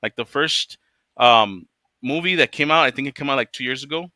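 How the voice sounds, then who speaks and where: A man's voice: medium pitch, a little fast, sharp tone, no room sound. A man hosting a casual chat, ranting with lots of swearing and laughing often. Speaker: podcast host.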